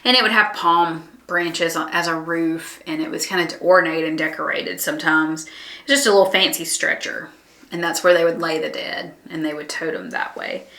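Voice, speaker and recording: A woman gives a conversational Bible lesson with a lower-pitched but bright, forward voice. She speaks in an earnest, reflective way, pausing on ums and restarting thoughts. The room around her is noticeably echoey. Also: fairly even intonation. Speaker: Bible study teacher.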